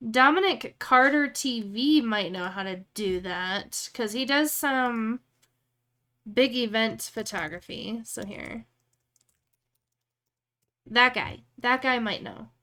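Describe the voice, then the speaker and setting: A woman's voice: on the high side, slow, pauses often, bright, forceful tone. Chatty woman thinking aloud. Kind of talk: casual live-stream chat.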